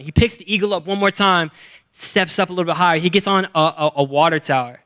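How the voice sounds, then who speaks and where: A young man preaching to a youth group, his voice smooth and clear and sitting a little high. He talks with energy and playful slang and acts out the characters as he tells their stories. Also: fast, fairly bright tone. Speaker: youth pastor. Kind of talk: youth sermon with acted-out stories.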